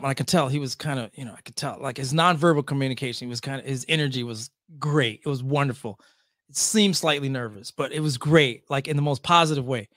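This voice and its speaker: A man's voice: dry recording, clean studio sound. A middle-aged man from the Lansing area, a podcast guest telling stories in casual conversation, acting out quotes with big jumps in his voice. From Lansing, Michigan area. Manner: lively, acts out quotes with big pitch jumps. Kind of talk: animated storytelling in casual conversation.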